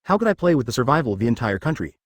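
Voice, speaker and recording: Man doing impatient young fighter, blunt, slower measured delivery, dry close sound. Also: mid-range voice, very animated, no echo.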